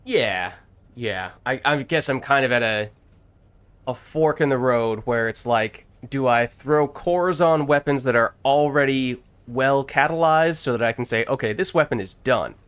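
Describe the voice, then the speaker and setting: A man's voice: medium pitch, measured pace, a bit bright, clean tone. A man in casual gameplay chat as a streamer, thinking aloud and laughing often. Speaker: gaming streamer.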